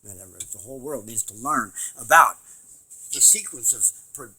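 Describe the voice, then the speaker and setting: A man giving a rambling home video lecture, emphatic and swinging from loud to quiet. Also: on the high side, vocal fry, low-quality recording.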